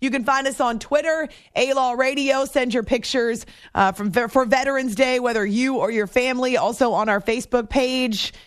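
A woman hosts late-night sports talk radio, her voice pitched high and full of zeal. She leans hard on key words and sounds close and dry, with no room behind her. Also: fairly even intonation, normal speed, few pauses, dry recording. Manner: enthusiastic, emphatic, talks to callers. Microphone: studio microphone.

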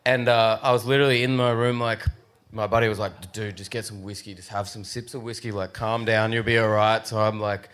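A man's voice: lowish voice, steady tone, a little fast, a bit bright, clean tone. A man telling a story in a casual, profane way, putting on raised voices for the people he quotes. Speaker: guest surfer.

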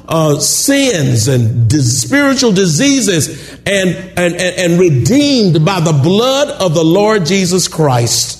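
A man preaching a sermon, calling out questions to the congregation and building up to shouts. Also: fairly high pitch. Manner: call-and-response preaching, rising to shouts. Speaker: pastor.

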